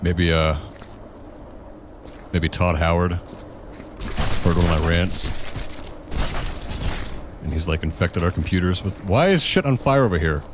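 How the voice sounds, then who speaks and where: A young man with a very deep voice rambles through a gaming session, cursing and joking about glitches. A clear background hiss sits under the noisy home recording. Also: slow, pauses often. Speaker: co-host of a gaming channel. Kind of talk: casual gameplay chat.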